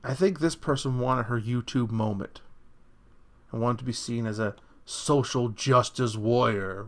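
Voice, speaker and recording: A man's voice: medium pitch, fairly bright tone. A man delivering a blunt opinion rant as a vlogger, speaking crudely and rambling through restarts, often tacking "okay?" onto his points.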